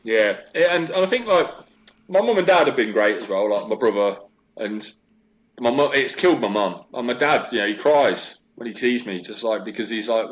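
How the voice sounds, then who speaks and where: A man's voice: medium pitch, moderate pace. A man in his forties, a guest in a casual interview, chatting and telling stories with lots of fillers. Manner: chatty, animated storytelling with many fillers.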